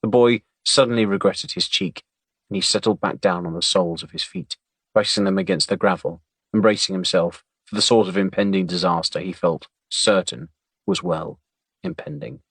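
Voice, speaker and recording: A man narrating an audiobook in a measured, wry storytelling manner. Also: deep voice, a bit bright, slightly rough, dry recording.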